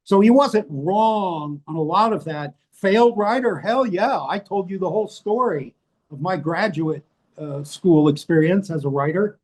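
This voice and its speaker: Older american guy, kinda high voice, swears a lot, brutally honest interview chat. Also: unhurried, a little mellow. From United States. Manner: blunt, profane, self-mocking. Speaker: interview guest, author. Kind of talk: candid casual conversation. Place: rainy place indoors, rain outside.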